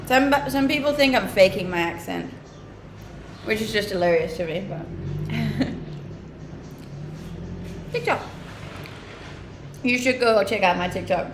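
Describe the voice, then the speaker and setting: A woman's voice: mid-range voice, expressive, takes it slowly, pauses often, background noise. Chatty Scandinavian-accented young woman streamer. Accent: mixed English accent with a Scandinavian tinge. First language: a Scandinavian language. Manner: chatty and upbeat, laughs often, lots of "like". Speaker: live streamer. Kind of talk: casual live-stream chat answering viewer comments. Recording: roomy echoing sound.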